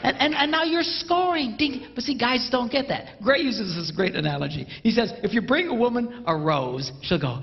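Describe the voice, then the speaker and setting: A man giving a humorous live talk to an audience, playful and animated. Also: a little high, moderate pace, hardly any pauses. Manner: playful and animated, mimics a bell sound. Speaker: speaker addressing an audience. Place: large hall with a live audience. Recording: dull, roomy hall recording.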